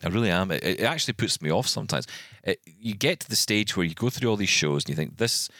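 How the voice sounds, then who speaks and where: A man with a low, deep voice co-hosts a podcast, his pitch swinging widely as he rants in exasperation. He stumbles over restarts as he talks in casual chat, recorded dry and close with no room sound. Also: fast talker, dry recording. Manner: animated, exasperated ranting with many restarts. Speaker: podcast co-host.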